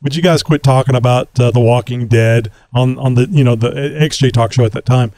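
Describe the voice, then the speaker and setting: A man's voice: mid-range voice, fairly even intonation, a little fast, a little mellow, dry recording. A man from Texas hosting a casual podcast interview, chatty with frequent laughs and fillers. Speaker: podcast host.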